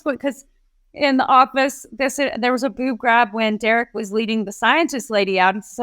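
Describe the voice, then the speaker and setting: A woman co-hosting a podcast, chatting casually about a movie with wry, quick quips. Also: fairly high pitch, fairly bright tone, no echo. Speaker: podcast co-host. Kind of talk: casual movie review chat.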